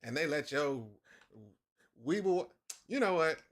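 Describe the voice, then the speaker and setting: A man's voice: a little high, a little slow. A middle-aged man hosting a live comic-drawing stream, chatting casually and acting out his own outbursts as he tells stories. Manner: animated storyteller, acts out his own outbursts. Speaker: livestream host drawing a comic. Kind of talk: casual chat while working.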